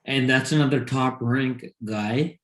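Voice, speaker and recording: A man co-hosting a sports podcast talks in excited, rambling bursts. His voice sits in the middle range. The sound is roomy, with a clear echo. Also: medium pitch, a little slow. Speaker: boxing podcast co-host. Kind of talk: casual sports chat.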